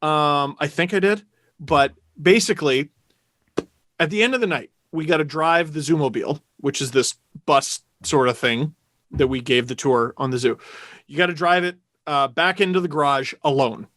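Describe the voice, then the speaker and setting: Male podcast host from Ontario: high-pitched, sharp tone, animated storyteller who swears freely. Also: normal speed, no room sound. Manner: animated storyteller, swears, gets loud and indignant. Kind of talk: casual podcast chat.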